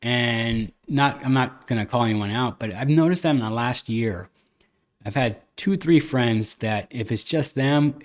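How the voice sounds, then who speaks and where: A man hosting a podcast, telling stories and opinions in a candid, rambling casual chat. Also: medium pitch. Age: adult, a father. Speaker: podcast host.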